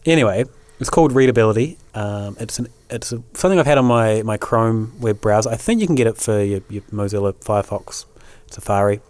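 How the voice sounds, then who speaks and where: Relaxed New man chatting. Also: on the low side, brisk, few pauses, no room sound. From New Zealand. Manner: relaxed, rambling with many fillers. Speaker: podcast co-host. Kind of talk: casual chat.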